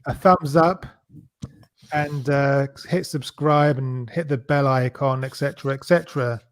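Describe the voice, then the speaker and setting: A man's voice: mid-range voice, steady tone. A man hosting a casual online panel chat, hesitant and full of ums. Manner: slow, hesitant, many ums. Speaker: show host.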